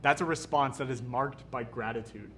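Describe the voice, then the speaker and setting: A young man from Canada, a youth pastor giving an energetic, conversational sermon. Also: mid-range voice, moderate pace, a little hiss or hum. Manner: energetic, casual, conversational preaching.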